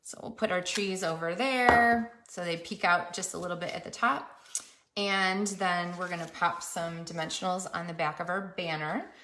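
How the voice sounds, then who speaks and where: A woman's voice: lowish voice, moderate pace, noisy background. A woman demonstrating card making, chatting casually as she works. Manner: chatty, self-narrating while working. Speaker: papercraft demonstrator. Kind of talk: crafting tutorial narration.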